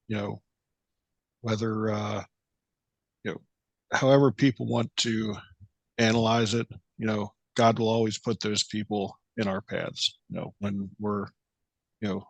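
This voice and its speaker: A man's voice: lowish voice, gravelly, dry recording. A man hosting a podcast interview, talking casually and circling through his questions with lots of filler words. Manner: rambling, many fillers like "you know". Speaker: podcast host.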